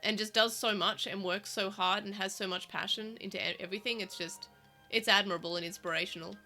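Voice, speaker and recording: A woman's voice: mid-range voice, fairly even intonation, brisk, pushed and bright, soft background music. An Australian woman with South Australian vowels, chatting casually as a podcast co-host, rambling with many fillers and restarts. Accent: Australian, South Australian vowels, living in Melbourne. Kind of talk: casual chat.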